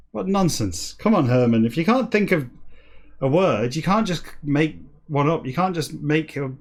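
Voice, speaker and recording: A man reading a book aloud for comedy, breaking off into dry, deadpan asides. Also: mid-range voice. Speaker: comic reader.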